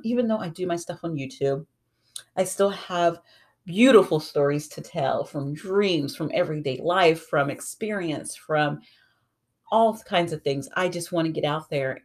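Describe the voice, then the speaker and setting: A podcast host and tarot reader talking through a personal journey in a casual solo monologue, earnest and reflective, sometimes a little raspy and mumbly when slowing down. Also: medium pitch. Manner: earnest, reflective, rambling storytelling.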